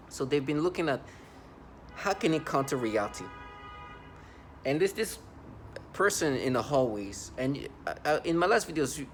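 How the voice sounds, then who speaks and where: A man in his thirties giving a rambling, halting personal monologue to the camera in an aggrieved tone. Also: medium pitch, slight background noise.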